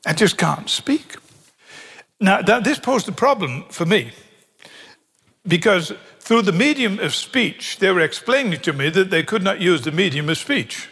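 A British man preaching a sermon, animated and humorous, acting out quoted voices in his stories. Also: sits high, normal speed, husky. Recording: long hall reverb.

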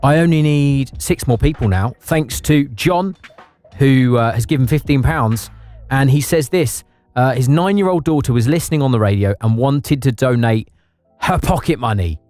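A man's voice: mid-range voice, normal speed, no echo, soft background music. A man presenting a live radio charity appeal, effusive and emotional as he thanks givers and urges listeners to donate. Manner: warm, effusive, emotional encouragement. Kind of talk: live radio fundraising chat.

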